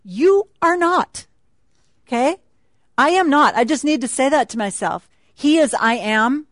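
A woman's voice: high voice, moderate pace, dry recording. A woman speaking at a retreat, teaching a Bible passage in a chatty, laughing sermon style.

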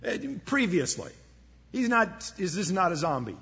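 A man preaching a sermon, his voice a little husky and pitched fairly high for a man. The sound is somewhat dull and lo-fi, with a long reverb trailing off each phrase as if in a church sanctuary. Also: sing-song, moderate pace. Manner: earnest preaching, drops to a hush for emphasis. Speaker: pastor. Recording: echoey hall, dull lo-fi sound.

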